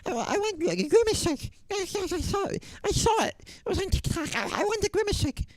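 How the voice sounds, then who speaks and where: A man's voice: very high-pitched, sing-song, a little fast, no echo, voice pushed up. A man voicing a whiny little kid who stammers and keeps begging his mom for a treat. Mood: whining. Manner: whining, stammering, insistent.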